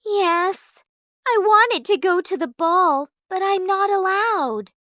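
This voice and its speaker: Woman doing a young heroine, high and earnest. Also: lively intonation, slow, a bit bright, no echo, clean studio sound, full character voice. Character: young put-upon girl, sweet but wry.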